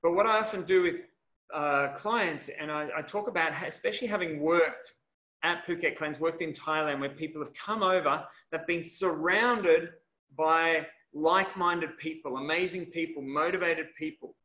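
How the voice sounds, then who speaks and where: A man's voice: on the high side, normal speed, sharp tone, roomy sound, muffled recording. A man, a health and wellness coach, giving an earnest, conversational coaching talk over a video call.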